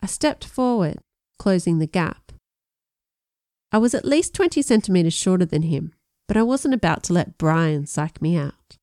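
A woman reads a first-person audiobook with a somewhat low voice. Her narration is measured, and she gives the dialogue lively delivery. The sound is dry and close, with no room echo.

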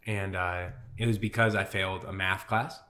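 A man's voice: deep voice, fairly even intonation, normal speed, sharp tone. A man in his twenties, a podcast guest, telling his faith testimony in a chatty way, with many "you know"s and "dude"s. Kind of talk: casual testimony storytelling.

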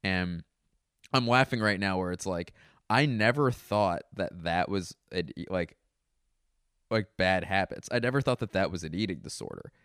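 A man's voice: low voice, moderate pace, fairly bright tone, smooth, dry recording, clean studio sound. A man around thirty talking in a casual, rambling monologue at home, often mocking himself and laughing. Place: indoors at home.

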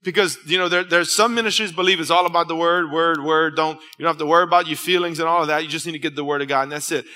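Male pastor, casual storytelling sermon, tense bright tone, reverberant church hall. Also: fairly high pitch, steady tone, rapid-fire, hardly any pauses. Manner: conversational preaching, storytelling with restarts.

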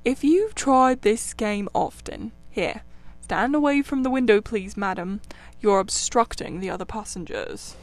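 A woman's voice: mid-range voice, expressive, a little slow, dry recording, soft background music. A woman voicing an officious male railway official who speaks curtly in a storybook reading.

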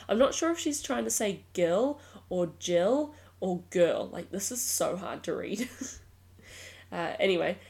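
A woman's voice: fairly low pitch, very animated, unhurried, vocal fry, a little mellow, breathy edge. A woman hosting a true crime podcast, telling the story in a casual, blunt way, often swearing and laughing.

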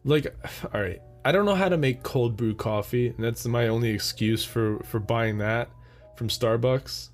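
A man's voice: medium pitch, a little slow, faint music behind. A young man hosting a solo podcast, rambling casually, laughing at his own jokes and swearing freely. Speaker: podcast host.

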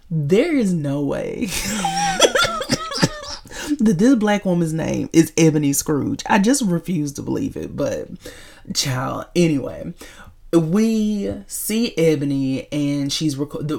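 Low-voiced, chatty woman vlogger. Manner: chatty, animated, addresses viewers as y'all, laughs often. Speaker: movie review vlogger. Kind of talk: casual chat.

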